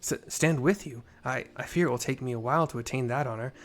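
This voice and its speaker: A man's voice: mid-range voice, fast talker, lightly acted. A man voicing an earnest young male officer in a game, reading his formal, old-fashioned lines in a raised voice.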